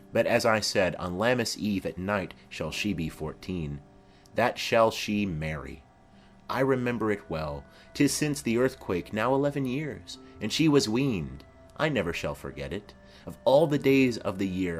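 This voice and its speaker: A man reading a rambling old nurse. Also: fairly low pitch. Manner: rambling, chattering reminiscence. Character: garrulous old woman nurse, rambling and fond. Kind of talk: dramatic reading of a play.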